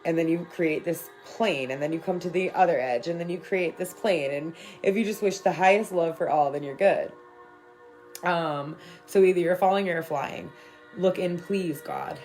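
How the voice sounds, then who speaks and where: A woman with a low voice chats through a tarot livestream in a loose, rambling way. She swears freely and keeps it affectionate and spiritual. Soft music plays faintly behind her. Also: normal speed. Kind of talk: casual spiritual livestream talk.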